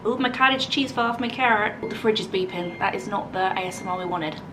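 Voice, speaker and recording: A woman's voice: mid-range voice, quick pace, distant mic, noisy background. A woman with an English accent chatting casually in a home vlog, bubbly and thinking aloud as she tastes food, then tidies the garden. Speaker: lifestyle vlogger.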